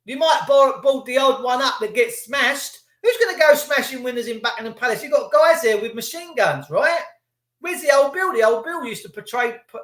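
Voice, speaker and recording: A man's voice: high voice, a bit bright. A middle-aged man, ranting profanely and sarcastically in a rambling live monologue as a stream host. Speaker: livestream host. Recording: echoey room.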